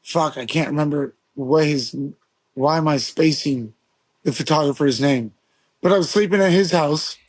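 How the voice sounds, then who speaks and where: A forties-aged man from Las Vegas, USA, with a voice on the high side and normal speed, recorded dry in a podcast studio. The pro skateboarder guest rambles through casual stories, profane and packed with fillers.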